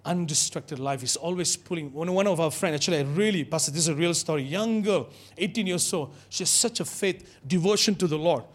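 A man preaching to his church with a high, lifted voice. He keeps the sermon animated and pulls the congregation into call-and-response. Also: brisk, hardly any pauses.

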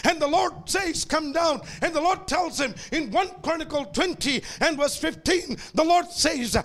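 A man preaching an impassioned sermon, repeating phrases, calling out to the congregation and often breaking into shouts. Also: very high voice, moderate pace, hardly any pauses.

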